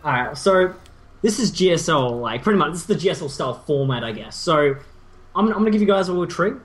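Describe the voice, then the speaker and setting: An esports co-caster with a highish, expressive voice talks fast during casual game commentary. His style is laid-back, rambling and self-deprecating.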